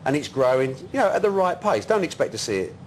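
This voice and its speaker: Older bloke spinning stories fast, lots of chuckles, bit high voice. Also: male voice, slight background noise. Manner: lively, chuckling, punchy anecdotes. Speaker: boxing promoter, guest. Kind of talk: animated storytelling interview.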